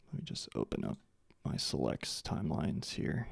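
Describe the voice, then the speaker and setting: A man's voice: rumbling low, wildly swooping pitch, normal speed, creaky, few pauses, husky. A man hosting a casual live stream, chatting with viewers and muttering to himself as he works. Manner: chats with viewers and mutters to himself while working; many fillers and restarts. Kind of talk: casual live stream chat while editing.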